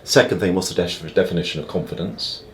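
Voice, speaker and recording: Man, very low voice, emphatic, fond of analogies, interview guest, faint background noise. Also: fast talker. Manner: emphatic, full of analogies, keeps checking "all right?". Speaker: magician guest. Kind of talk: conversational interview. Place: upstairs dressing room.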